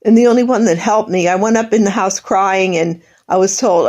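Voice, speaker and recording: A woman's voice: mid-range voice, a little fast, few pauses, a little mellow. An older woman in a bitter, sarcastic personal monologue, airing grievances at her absent family. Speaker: vlogger.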